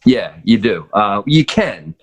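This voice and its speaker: A man with a fairly low voice talks casually as a podcast guest about drumming. He rambles, restarting sentences and filling pauses with ums and uhs. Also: very animated, breathy edge. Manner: rambling, many fillers and restarts. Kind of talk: casual chat.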